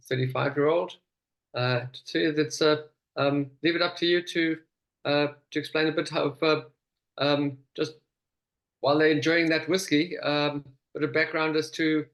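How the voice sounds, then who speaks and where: A man's voice: on the high side, creaky, fairly bright tone. Hesitant man hosting online tasting. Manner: hesitant, many fillers. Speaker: whisky tasting host. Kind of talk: online tasting host chat. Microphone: video call.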